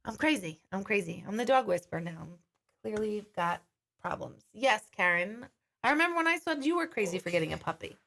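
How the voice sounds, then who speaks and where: A woman's voice: medium pitch, lively intonation, a little fast, vocal fry, fairly bright tone. A woman hosting a live-stream question and answer session as a psychic medium, chatting casually and reading viewer comments aloud.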